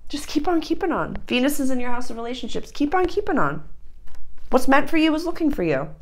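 A woman giving a casual astrology reading to camera, talking effusively in bursts full of "like", laughing often and jumping up into high excited tones. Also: fast.

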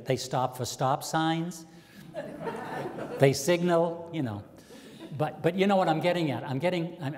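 A man's voice: a little high, a little mellow. A man telling stand-up jokes, spinning stories with quoted character voices and chatty asides. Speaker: stand-up comedian. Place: community access TV stage, live audience. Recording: long hall reverb.

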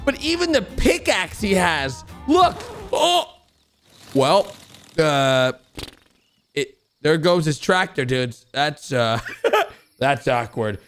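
Man, excited reaction commentary, high voice, very lively pitch, quiet music behind. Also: takes it slowly. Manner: exclaiming, laughing, talking to viewers as "guys". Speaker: host reacting to animations.

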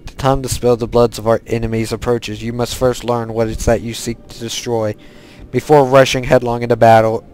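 A cold, commanding undead king from a video game hands down orders in a solemn put-on accent, as a man gives him voice. The delivery is slow and grave, every line an order. A faint hiss sits under the voice. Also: mid-range voice, level tone, a little mellow, close to an everyday voice, rough recording. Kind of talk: reading quest text aloud in character.

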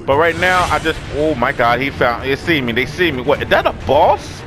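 Excitable young man gaming over music. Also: fairly high pitch, moderate pace. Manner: loud, excitable, profane trash talk at enemies. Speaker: gaming channel host. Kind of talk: casual gameplay commentary.

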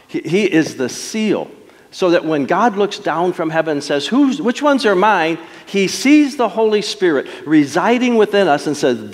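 A middle-aged man preaching a sermon as pastor, telling stories with dramatic pauses and emphatic swells. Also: on the high side. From Detroit. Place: church sanctuary. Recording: long church hall reverb.

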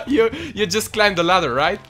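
A young man hosting a casual gaming video, giggling constantly and excitable. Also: high-pitched, moderate pace, music in the background. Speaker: gaming channel host.

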